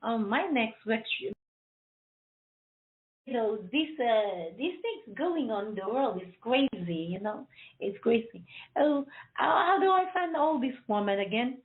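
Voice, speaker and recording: A woman's voice: a little high, big pitch swings, unhurried. A woman hosting a radio show, chatting casually and jokingly before it starts, rambling and laughing at her own jokes. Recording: tinny phone-like line.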